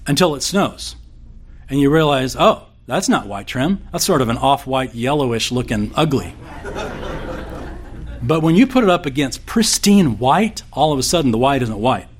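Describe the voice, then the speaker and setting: A man preaching a sermon as pastor, conversational and folksy, slipping in corny jokes. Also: mid-range voice.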